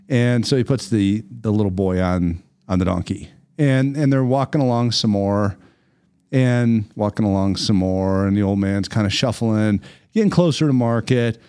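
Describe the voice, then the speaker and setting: A man hosting a casual talk show, telling a fable in a lively, rambling way and often repeating his words. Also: on the low side, moderate pace, smooth. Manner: animated, repeats words while telling a story. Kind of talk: casual storytelling chat.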